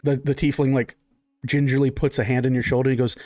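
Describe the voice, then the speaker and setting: A man's voice: medium pitch, little pitch movement, fast, a little mellow, dry recording, clean studio sound. A man narrating as game master in a tabletop role-playing game, rambling with many fillers.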